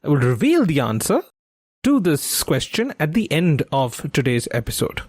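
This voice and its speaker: A man co-hosting a trivia podcast, chatty and quick to laugh, who thinks out loud with many restarts. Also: a little high, sing-song, no room sound, studio quality. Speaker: quiz podcast co-host. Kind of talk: casual quiz podcast chat.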